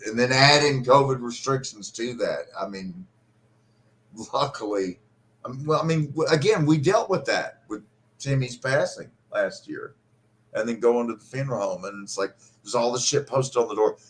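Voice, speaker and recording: A man's voice: mid-range voice, normal speed, a bit bright. A middle-aged man hosting a live stream, telling a personal story in a profane, emotional and bitter way. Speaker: host.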